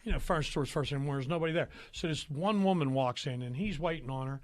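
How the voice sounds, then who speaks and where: A man's voice: a little high, racing, dry recording. A male podcast host who teases his guest, tells stories and runs the show's segments. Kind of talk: casual podcast banter.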